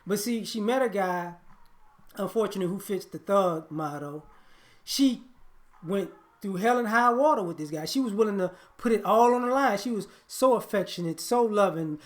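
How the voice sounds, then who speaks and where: A man's voice: high-pitched, expressive, normal speed. A man giving a blunt, preachy monologue on relationships, often repeating and restarting his words. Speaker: relationship commentator.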